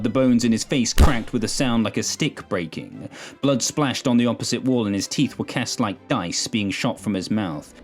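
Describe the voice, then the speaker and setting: A man with a low voice narrates a sci-fi story in measured, steady sentences. Quiet music plays beneath his reading. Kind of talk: scripted narration of an audio story.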